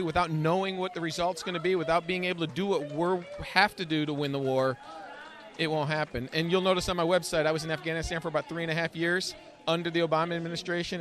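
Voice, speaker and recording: A man making a firm, assertive campaign pitch in an interview at an evening gala. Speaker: political candidate.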